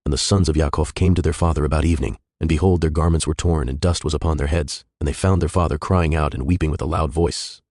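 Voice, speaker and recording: Male scripture reader, extremely low voice, brisk solemn narration, dry booth. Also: steady tone, darkish tone, dry recording.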